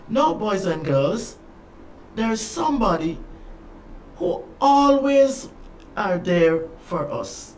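Slow, animated children's storyteller. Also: medium pitch, a little hiss or hum. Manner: slow, dramatic storytelling with repeated phrases. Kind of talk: children's story with closing prayer. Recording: distant mic with faint ambience.

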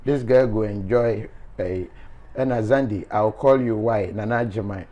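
A man's voice: lowish voice, steady tone, a little slow, dark tone, dull audio. A man, a show host reading viewer comments aloud in a playful, teasing way with frequent laughter.

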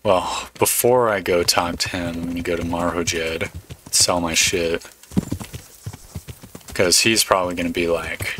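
A man giving relaxed let's play commentary, swearing casually as he plays. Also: low voice, a little slow, long pauses, a little hiss or hum. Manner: laid-back, swears casually. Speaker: gamer.

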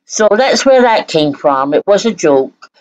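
A woman from Scotland hosts a reaction commentary. She talks slowly, with a sarcastic, mock-sweet edge. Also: mid-range voice, sing-song, poor audio. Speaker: channel host.

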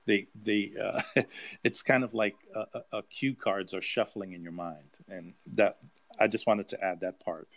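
A fairly low-voiced man speaks up from the audience. He shares his own experiences haltingly, stopping to restart words and filling the gaps with fillers. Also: fairly even intonation, fairly bright tone. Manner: hesitant, many fillers and stammered restarts. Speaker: audience member. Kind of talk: personal account to a group.

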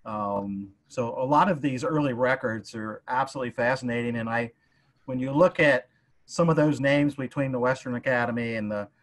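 A man's voice: mid-range voice, normal speed. A man, a museum curator, speaking hesitantly with many filler sounds in a casual livestream discussion.

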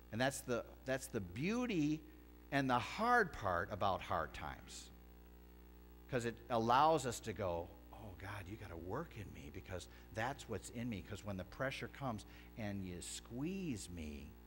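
A man preaching to his congregation, easygoing one moment and forceful the next as he reads the verses aloud. His pitch is very animated, and soft music plays faintly behind him. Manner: conversational preaching with emphatic scripture reading. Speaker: pastor. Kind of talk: sermon. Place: church sanctuary.

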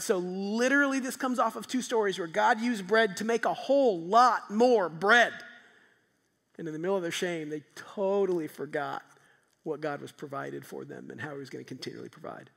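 Male pastor, high voice, sermon in a church with long echo. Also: normal speed, vocal fry. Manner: animated, rising to loud emphatic peaks then dropping soft. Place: church sanctuary. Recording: long hall reverb.

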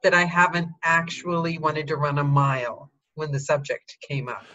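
A woman hosting a casual interview, chatty and enthusiastic, filling pauses with um. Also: deep voice, sharp tone, muffled recording. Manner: chatty, enthusiastic, quick to laugh, fills with um. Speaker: host.

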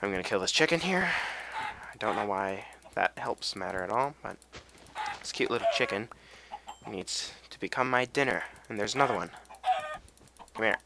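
A man's voice: on the low side, expressive, normal speed, gravelly, pauses often, very noisy. A tired young man rambling through casual game commentary, with self-deprecating asides and a voice that cracks now and then. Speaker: let's play gamer.

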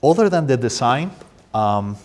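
A man from Spain with a Spanish accent, a poetry translator answering audience questions, with lively storytelling and frequent restarts. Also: medium pitch, measured pace, slight background noise. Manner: restarts often, animated storytelling. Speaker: poetry translator and guest speaker. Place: university room.

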